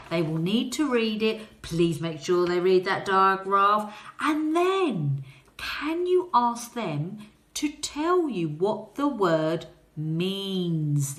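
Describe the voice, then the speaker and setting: In an echoey room, a woman with a mid-range voice leads young children through a phonics lesson. She speaks slowly and encouragingly, gently prompting them to answer.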